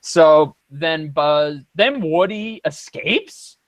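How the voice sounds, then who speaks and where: A podcast co-host who talks slowly in an excitable, casual way and is quick to exclaim. The recording is dry, with no room echo. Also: mid-range voice, lo-fi sound.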